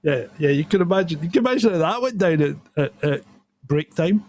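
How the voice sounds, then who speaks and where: A man's voice: fairly high pitch, lively intonation, a little fast, darkish tone. A man co-hosting a casual live show, telling anecdotes and often breaking into laughter. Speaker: co-host. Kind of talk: casual live-stream chat.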